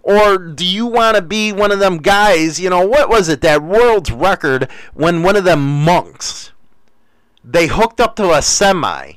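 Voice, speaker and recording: A man's voice: high voice, fairly bright tone, dry recording. Crude rambling American man. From United States. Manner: rambling, crude, joking, lots of fillers. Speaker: live stream host reading chat. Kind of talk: casual crude chat.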